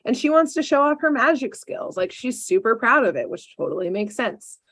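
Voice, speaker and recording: A woman's voice: fairly high pitch, a little fast. A woman hosting a podcast, casually recapping a cartoon episode and acting out the characters, with lots of "like" fillers. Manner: animated storyteller acting out characters with many "like" fillers. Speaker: podcast host.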